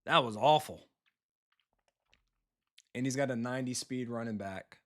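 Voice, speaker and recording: A man streaming a football video game live, talking casually and bluntly with his viewers and reacting quickly to the plays. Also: medium pitch, fairly bright tone. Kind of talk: live gameplay commentary, chatting with viewers.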